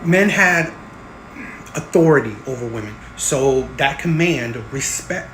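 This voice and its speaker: A man's voice: a little high, lively intonation, a little slow, a bit bright, roomy sound, slight background noise, low-quality recording. A man hosting a commentary channel, giving emphatic, lecturing opinions and often tagging his points with "okay?" and "right?".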